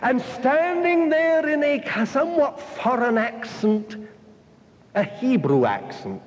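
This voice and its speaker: A man preaching at a slow, deliberate pace in a fairly high voice, piling up long repeated lists and turning straight to his listeners. The sermon rings through a large hall on a dull, muffled recording. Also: big pitch swings. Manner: addresses listeners directly.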